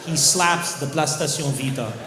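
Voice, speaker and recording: A male stand-up comedian telling a story on stage, animated and acting out characters. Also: a little high, moderate pace, a crowd in the background, noisy background. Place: comedy show venue. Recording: echoey venue with faint ambience.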